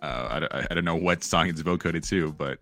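Deep-voiced rambling man host. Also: fairly quick, gravelly, bright, forceful tone, faint music behind. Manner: rambling, lots of fillers and restarts. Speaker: podcast host. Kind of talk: casual chat.

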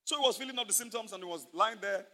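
A man's voice: sits high, rapid-fire, pushed and bright. A male pastor preaching a sermon, emphatic and repetitive, calling out to the congregation for responses. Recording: reverberant hall.

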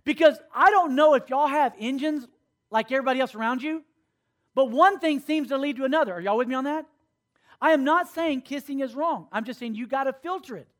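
A man in his fifties with a notably high voice delivers a sermon-style lesson to a room of young people. He talks in an animated, conversational way and keeps checking in with his listeners. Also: fairly quick. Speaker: camp speaker teaching students. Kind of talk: sermon-style teaching to a youth audience.

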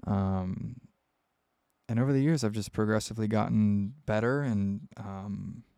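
A man's voice: lowish voice, a little slow, dark tone, dry recording, clean studio sound. A young man from Ohio hosting a casual solo podcast, answering listener questions in a candid, rambling way with lots of fillers. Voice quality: gravelly.

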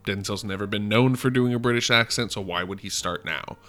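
A man's voice: lowish voice, fairly quick, a bit bright. A man co-hosting a podcast in casual movie-review chat, emphatic and laughing, swearing freely. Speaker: podcast co-host.

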